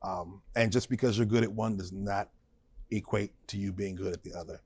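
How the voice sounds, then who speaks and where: Emphatic, animated man in an interview. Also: on the low side, a little fast, breathy edge, dry recording. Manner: emphatic and animated, punctuating points with short stressed words; laughs easily. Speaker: guest, supporting vocalist. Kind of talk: conversational interview.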